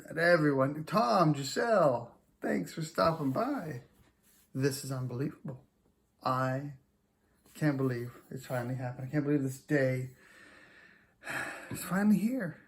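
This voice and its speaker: A man's voice: mid-range voice, a little slow. A man chatting casually to camera as a small-time reseller, self-mocking and full of fillers. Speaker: reseller and vlogger.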